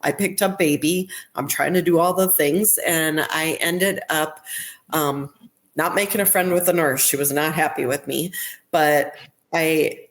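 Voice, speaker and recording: Woman guest on a podcast, low-pitched, chatty clinician who tells stories and restarts her sentences. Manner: recounts events with quoted dialogue and restarts. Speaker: neonatal nurse practitioner, podcast guest. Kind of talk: conversational interview storytelling.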